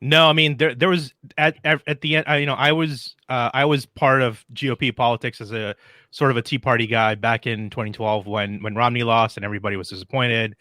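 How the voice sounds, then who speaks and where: A man's voice: medium pitch, fairly even intonation, a little fast, sharp tone, no echo. A man as a podcast guest, chatting casually about politics and rambling with many restarts.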